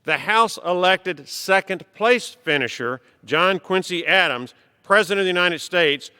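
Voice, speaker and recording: A middle-aged congressman with a bright, smooth, fairly high voice delivers a formal prepared speech. He reads in a measured, emphatic way. His words ring out with the long reverb of a large legislative chamber.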